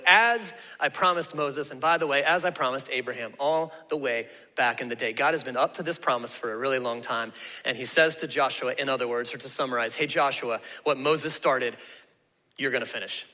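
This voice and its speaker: A man's voice: mid-range voice, brisk, bright, forceful tone, in a large hall. A man preaching a sermon as pastor, in a folksy, conversational way with emphatic asides.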